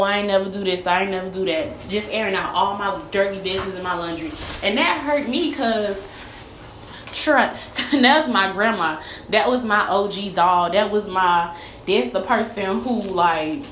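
Speaking in a mid-range, fairly bright voice, a young woman recounts her own experiences in a frank vlog monologue, cursing freely and repeating herself for emphasis. The echoey room has faint ambience, plus a little hiss or hum.

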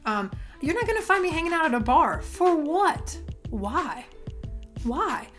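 A woman's voice: high voice, big pitch swings, unhurried, fairly bright tone, faint music behind. A woman in her thirties giving an emphatic, preachy Christian motivational talk, speaking straight to her listeners. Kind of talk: casual motivational talk to camera.

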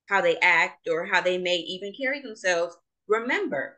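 Bright-voiced, impassioned young woman. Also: lowish voice, lively intonation, moderate pace, low-quality recording. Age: young adult. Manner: impassioned, emphatic, opinionated. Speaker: podcast host. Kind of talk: casual chat.

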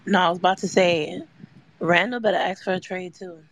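A man's voice: sits high, steady tone, brisk, a bit bright, a little hiss or hum. A man chiming in with brief, matter-of-fact remarks on a casual sports talk show.

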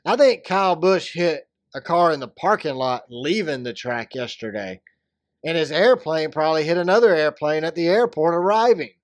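A man's voice: a little high, lively intonation, normal speed, dry recording. A man co-hosting a casual sports podcast, joking and rambling about races. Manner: joking, rambling, breaks into silly voices. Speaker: podcast co-host. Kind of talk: casual chat.

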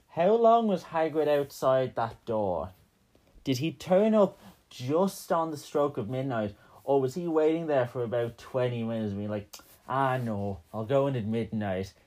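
A man of middle pitch co-hosting a casual podcast, recapping a film scene by scene. He rambles and jokes, filling his talk with "um"s and restarts. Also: big pitch swings, moderate pace, darkish tone. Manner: joking, rambling, full of fillers. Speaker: podcast co-host.

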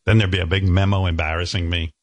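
A man's voice: sits low, level tone, fast talker, no echo. A man hosting a radio talk show, telling wry, self-mocking stories in casual banter. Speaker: radio host.

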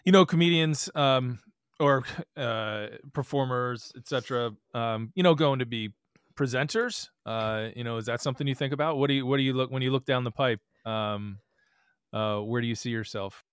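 A man's voice: mid-range voice, normal speed, smooth, no echo, clean studio sound. A man hosting a golf podcast, asking stop-start questions in a friendly, affirming way. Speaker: podcast host. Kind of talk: casual podcast interview.

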